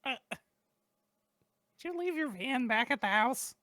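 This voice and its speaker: A woman speaks in character during a tabletop game, slowly and musingly, trailing off mid-thought. Her fairly high voice moves lively up and down, and the sound is dry. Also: no room sound. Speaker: player.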